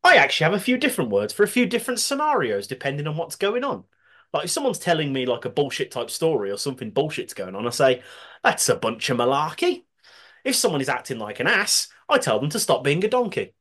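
A man's voice: on the high side, huge pitch swings, quick pace, a bit bright. A man with a Brummie accent, co-hosting a podcast, reading out listener submissions with frequent laughter and casual swearing. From Birmingham, England. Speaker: podcast co-host.

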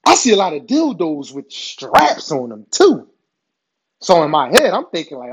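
A man telling a crude personal story in a casual, animated way, laughing often and swearing freely. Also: a little high, normal speed, breathy edge.

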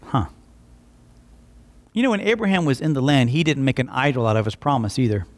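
A man preaching a Bible-teaching sermon in an animated way, acting out quick voices for emphasis. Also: medium pitch.

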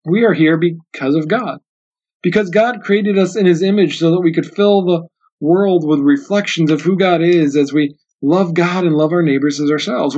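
A man's voice: on the high side, a little mellow. A man hosting a book discussion podcast, talking earnestly and often repeating himself as he thinks aloud. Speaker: podcast host. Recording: dull lo-fi sound.

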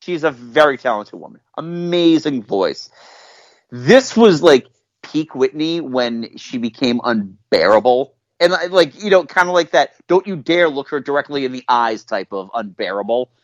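A man's voice: mid-range voice, lively intonation, normal speed, no echo, muffled recording. A man hosting a podcast in casual chat, joking and sarcastic as he runs the show. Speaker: podcast host.

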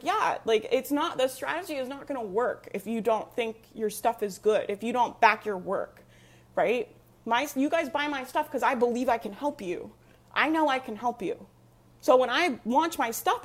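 A young woman with a slightly high voice gives a fired-up live stream pep talk to her online community. She is emphatic and repetitive, with frequent laughs. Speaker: online business coach.

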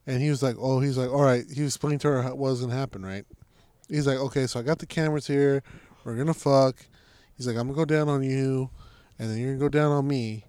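A man's voice: medium pitch, steady tone, fast talker, warm tone, clear, resonant tone. A man co-hosting a podcast, telling a rambling, profane story in casual chat with frequent restarts. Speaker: podcast co-host.

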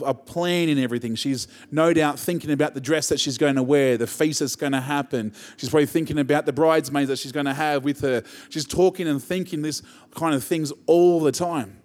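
A man's voice: medium pitch, darkish tone, in a large hall. A man preaching a conversational sermon as pastor, rising to emphatic peaks.

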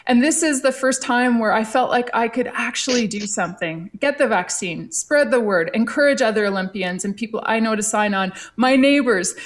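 A woman talks with earnest, heartfelt feeling as a guest on a talk show. Her voice sits a little high and her words come in a steady, full-hearted flow. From Canada. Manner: earnest, heartfelt, fast-flowing. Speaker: guest, Olympic athlete. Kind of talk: emotional casual talk.

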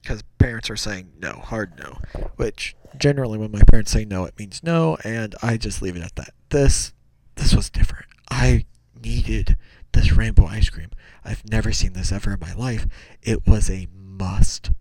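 A man tells a childhood story in a loose, rambling way, often stopping to correct himself. His voice is gravelly with fry and moves a lot in pitch. The sound is close and dry. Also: normal speed, no echo. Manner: rambling, self-correcting, animated. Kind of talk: casual storytelling.

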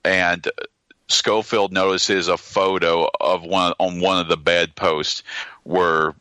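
A man with a very deep yet sharp, forceful voice discusses a war film in a relaxed chat. He pauses and restarts his thoughts often, and he is recorded close and dry. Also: clear, resonant tone, no room sound. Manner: thoughtful, hesitant with repeated starts. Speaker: film podcast co-host.

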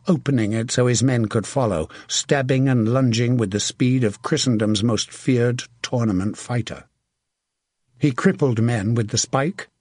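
A man reading a historical battle story as a steady, vivid audiobook narrator. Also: mid-range voice, no echo, clean studio sound.

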